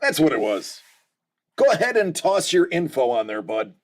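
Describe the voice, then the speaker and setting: Lively, high-voiced American livestream host. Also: male voice, unhurried, gravelly. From United States. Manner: chatty and joking, addressing viewers by name. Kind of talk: casual livestream chat.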